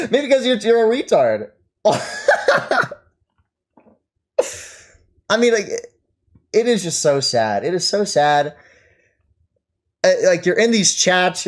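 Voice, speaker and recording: A man streaming and scornfully mocking someone in his chat, laughing often between jabs. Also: high voice. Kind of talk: livestream commentary.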